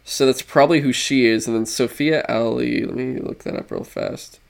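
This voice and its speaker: A man's voice: mid-range voice, moderate pace, vocal fry. A young man co-hosting a casual podcast, rambling, swearing and laughing as he goes. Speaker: podcast co-host. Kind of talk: casual chat.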